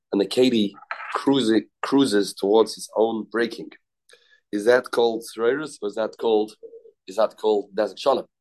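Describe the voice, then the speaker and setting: A Talmud teacher with a lowish, darkish voice gives an informal class. He restarts sentences often, repeats terms, and mixes in Hebrew and Yiddish words.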